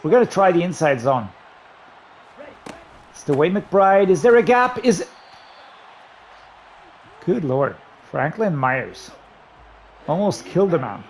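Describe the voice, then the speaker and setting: A man giving running commentary while playing a football video game, excitedly talking through his play calls to himself. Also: a little high, slow pace, long pauses, a little hiss or hum. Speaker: gaming YouTuber. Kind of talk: live gameplay commentary.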